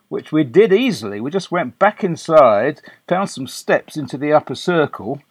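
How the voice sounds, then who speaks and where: A man's voice: on the high side, no echo. An older man from England recounting a story in a chatty, anecdotal way, with fillers and restarts. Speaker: guest. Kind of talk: conversational storytelling.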